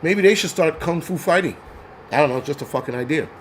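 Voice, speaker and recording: A man's voice: a little high, lively intonation, brisk, slight background noise. Angry ranting New man. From New York. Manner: angry, crude, mocks others in put-on voices. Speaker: host. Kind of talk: profane livestream rant.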